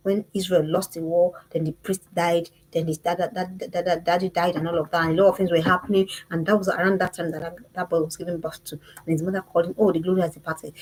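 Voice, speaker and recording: A woman teaching a parenting lesson, emphatic and animated, who repeats her phrases and keeps asking the listener questions. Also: mid-range voice, husky, low-quality recording.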